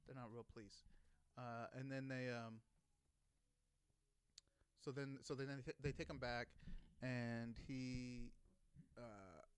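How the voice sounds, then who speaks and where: A man's voice: mid-range voice, fairly even intonation, takes it slowly, pauses often, smooth, no echo. A man in his thirties, a former Marine, telling a casual, profane story and acting out heated quotes. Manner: swears constantly, acts out shouted quotes.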